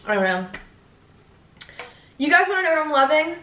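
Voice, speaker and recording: A woman's voice: high-pitched, sing-song, normal speed, pushed and bright, reverberant, recorded from a distance, a little hiss or hum. A young woman talking casually to the camera in a vlog, rambling and swearing as she chats about her day. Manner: rambling, swears casually, fillers and self-talk. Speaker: vlogger.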